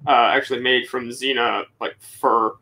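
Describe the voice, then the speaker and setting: A man's voice: medium pitch, flat delivery, normal speed, gravelly, sharp tone, low-quality recording. A man playing a tabletop game, chatting eagerly and often repeating words as he thinks. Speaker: player. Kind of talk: casual chat at a tabletop game.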